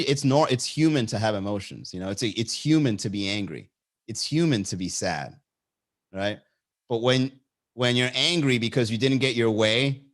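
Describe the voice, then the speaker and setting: A man hosting a comedy podcast, riffing casually in a rambling, profane way and reacting to live chat. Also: medium pitch.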